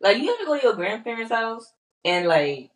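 A young woman, co-hosting a casual chat and telling animated, slangy stories. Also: on the high side, brisk. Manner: animated storytelling, slangy, acts out quotes. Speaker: podcast co-host. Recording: echoey room, voice off-mic.

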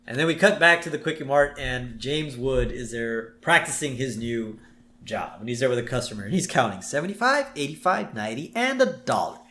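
Man, podcast co-host, animated and chatty, lively pitch, roomy echo. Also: fairly quick. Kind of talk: casual episode recap chat.

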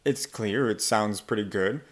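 A man with a fairly low voice talks through accent coaching in a relaxed podcast chat. He explains things step by step and now and then demonstrates how a word is pronounced. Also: unhurried. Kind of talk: casual podcast conversation.

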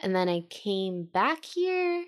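A young woman in her twenties, a podcast co-host, telling her story in a casual, slangy, animated way and acting out the voices she quotes. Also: medium pitch, slow.

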